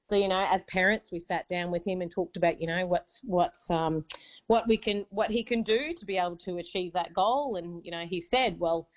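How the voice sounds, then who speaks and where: A woman's voice: lowish voice, normal speed, muffled recording. A woman in her forties with an Australian accent, telling a personal story as a caller on a radio show, chatty with many fillers.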